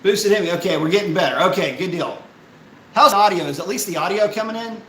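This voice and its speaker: A man hosting a casual live stream, ranting in an animated, profane, exasperated way and reading out chat messages. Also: high-pitched, fast talker, roomy sound, rough recording.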